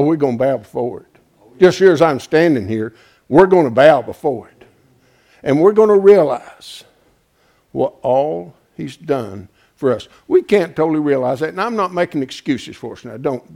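Male preacher, high voice, homespun Bible teaching, quizzes the congregation, hushed asides and loud emphatic peaks. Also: lively intonation, normal speed, gravelly. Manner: asks the congregation questions and draws answers; homespun and colloquial, with frequent "folks" and "ain't". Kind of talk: folksy Bible teaching sermon.

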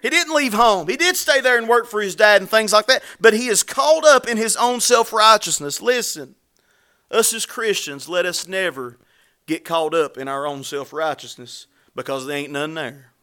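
A man preaching a sermon in a high, bright voice. He talks in a folksy, conversational way, full of asides and repeated phrases. When he acts out the scripture, he pushes his voice up. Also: lively intonation, moderate pace, smooth. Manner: rises in pitch and volume when dramatizing scripture.

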